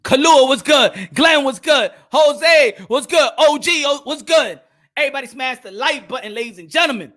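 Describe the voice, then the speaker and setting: A man hosting a live boxing stream, loud and animated, trash-talking fighters and hyping his viewers. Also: very high voice, normal speed. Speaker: boxing commentator.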